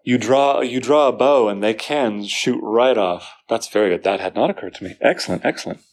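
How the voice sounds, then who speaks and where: A man leads a poetry class with enthusiasm. He keeps asking his students questions and reads lines of verse aloud slowly. His voice sits at a middling pitch. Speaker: poetry teacher. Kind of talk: classroom lecture.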